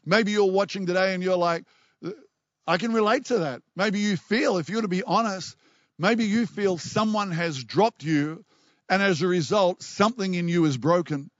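A man preaching a passionate sermon as pastor, reading scripture aloud and stumbling over repeated words when excited. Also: high-pitched, normal speed, no echo, highs cut off.

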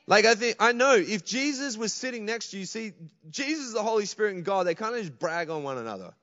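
A man's voice: sits high, lively intonation, a little fast, fairly bright tone, in a large hall, muffled recording. A man preaching a sermon as pastor, calling out to the congregation. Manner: preaching with call-outs to the congregation. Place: church.

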